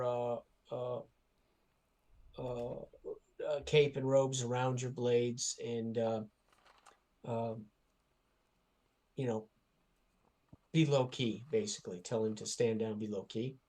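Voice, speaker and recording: A man's voice: mid-range voice, fairly even intonation, slow pace, pauses often, mellow. A man playing a tabletop role-playing game, hesitantly giving his character's actions with many uhs. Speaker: player.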